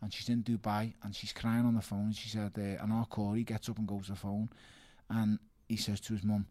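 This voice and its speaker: Guy in an interview, lowish voice, dry close sound, keeps saying mate and doubling words. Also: level tone, brisk, hardly any pauses, mellow, dry recording. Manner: emphatic, repeats words, calls listener mate. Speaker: professional boxer, guest. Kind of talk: casual interview talk.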